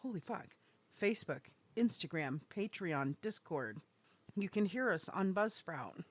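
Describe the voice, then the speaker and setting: A woman's voice: fairly low pitch, a little slow, husky, dry recording. A woman co-hosting a podcast in casual chat, swearing freely and laughing often as she talks. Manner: profane, excitable and laughing. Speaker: podcast co-host.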